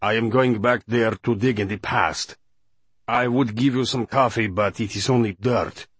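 Guy doing a patient translator man in an audiobook, steady and guarded, husky voice, dead dry. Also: mid-range voice, moderate pace, no echo, natural voice. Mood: measured. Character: stern adult male translator, patient and guarded. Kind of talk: audiobook character voice.

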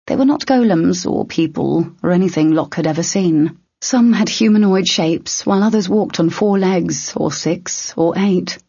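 Husky, measured audiobook narrator. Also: mid-range voice, no room sound. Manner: steady, measured storytelling. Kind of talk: scripted narration. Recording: dull, slightly lo-fi dry recording.

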